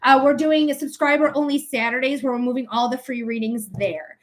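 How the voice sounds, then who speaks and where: A woman hosting a live psychic reading stream chats with viewers, affectionately calling them "my love" and rambling with lots of fillers and restarts. Her voice is high and fairly even, and she speaks a little fast.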